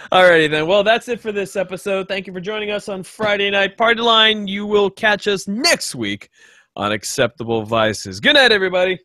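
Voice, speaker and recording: A man's voice: high voice, a little fast, no room sound, clean studio sound. A man hosting a podcast, chatting casually and joking, with some swearing. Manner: sweary, animated, jokey. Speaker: podcast host. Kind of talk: casual chat.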